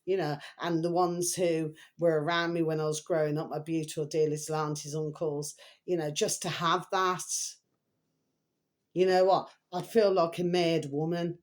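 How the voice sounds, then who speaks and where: A woman's voice: sits low, little pitch movement, normal speed. A middle-aged woman rambling in a casual, emotional monologue to her viewers, full of repeated pet phrases. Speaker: vlogger.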